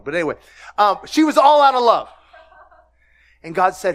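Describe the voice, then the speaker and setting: Animated laughing man preaching. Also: high voice, normal speed, pauses often. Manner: animated, laughing, shouting exclamations, asks the congregation questions. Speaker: pastor. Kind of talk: sermon.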